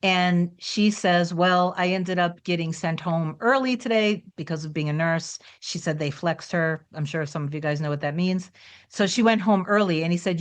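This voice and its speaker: A woman coach telling a story about one of her clients in a relaxed, chatty way, often dropping in "like" as a filler. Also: lowish voice, moderate pace, clean tone. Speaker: manifestation coach.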